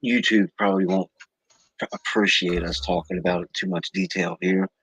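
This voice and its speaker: A man's voice: low voice, little pitch movement, moderate pace, a bit bright, slightly rough, no echo, poor audio. A man co-hosting a casual podcast chat, delivering dry, sarcastic, matter-of-fact remarks. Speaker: podcast co-host.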